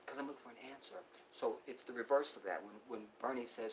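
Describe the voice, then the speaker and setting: A man hosting a live stream, preaching to his viewers and calling them y'all, swinging from loud outbursts to near whispers. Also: mid-range voice, fast, slight background noise. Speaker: livestream host.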